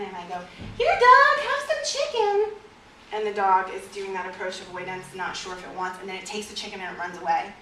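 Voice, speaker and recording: A woman teaching a class on fearful dogs as a trainer, in a lively way, with vivid examples and questions to her audience. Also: mid-range voice, a little hiss or hum. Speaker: dog trainer. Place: store or training room with an audience. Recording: echoey room, recorded from a distance.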